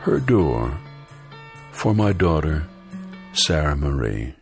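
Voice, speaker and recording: A man reading a tender poem for his daughter in a slow, measured spoken-word style, faint music behind. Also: very deep voice, very animated, gravelly. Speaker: poet reading his own work.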